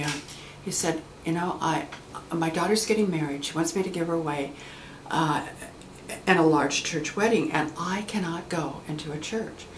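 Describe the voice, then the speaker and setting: A woman hypnotherapist telling stories about her clients in a lively way, acting out the voices of the people in them. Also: fairly low pitch, echoey room, a little hiss or hum, poor audio. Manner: animated storyteller acting out quoted voices. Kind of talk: anecdotal storytelling talk.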